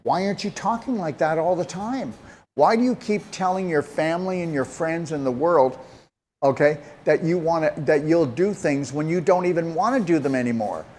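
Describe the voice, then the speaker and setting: A man's voice: fairly high pitch, moderate pace, darkish tone, slight background noise. A man giving health advice to a caller, talking directly and emphatically and pressing her with pointed questions. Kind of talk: call-in advice talk.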